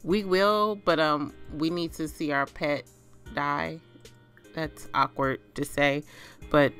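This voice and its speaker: A woman with a bright, clear voice hosts a let's play, reacting to the game with dramatic exclamations. She takes her time, speaking at an unhurried pace, with faint music playing underneath. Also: low-pitched, fairly even intonation. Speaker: gaming channel host.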